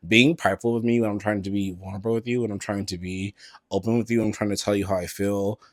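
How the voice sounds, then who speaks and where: Sassy low-voiced man hosting a podcast. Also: fast talker, no room sound, clean studio sound. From San Francisco Bay Area. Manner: sassy, animated, swears freely, with frequent laughs and slang. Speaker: podcast host. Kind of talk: casual solo podcast chat. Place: indoors at a table, on camera.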